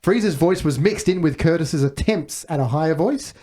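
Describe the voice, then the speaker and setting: A man's voice: a little high, lively intonation, moderate pace, heavy background noise. A man hosting a casual movie podcast, asking the group questions and reading out trivia. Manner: leads with questions and reads out trivia. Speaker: podcast host.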